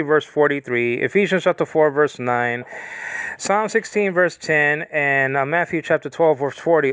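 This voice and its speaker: This fairly high, somewhat bright male voice belongs to a Bible teacher who rambles casually, often fixes his own wording, and reads Greek terms aloud slowly. The recording is dry.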